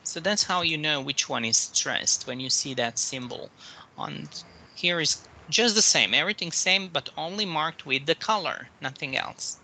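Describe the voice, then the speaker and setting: A man's voice: a little high, normal speed, bright, forceful tone, rough recording. A man teaching pronunciation in an online one-to-one English lesson, explaining patiently step by step over a video call. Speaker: English tutor.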